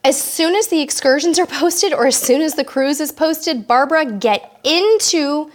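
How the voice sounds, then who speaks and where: A woman with a slightly high voice hosts a live online Q&A. She reads viewers' questions aloud and answers each one in a relaxed, chatty way, talking straight to her audience. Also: normal speed. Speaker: host of a live cruise Q&A. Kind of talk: casual live-stream chat.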